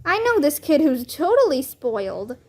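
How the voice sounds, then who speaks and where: A woman's voice: sits high, sing-song, normal speed, warm tone. A woman voicing a chatty, wide-eyed young schoolboy in a storybook read-aloud.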